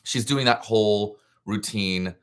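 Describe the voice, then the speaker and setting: A young man hosting a live reaction stream, chatty and excitable, giving frank opinions in a scattered, casual way. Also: on the low side, a little slow, smooth. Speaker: livestream reaction host.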